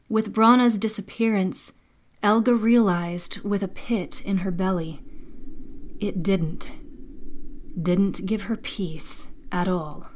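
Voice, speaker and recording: A woman narrating and producing her own storytelling podcast, measured and soft-spoken. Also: medium pitch, steady tone.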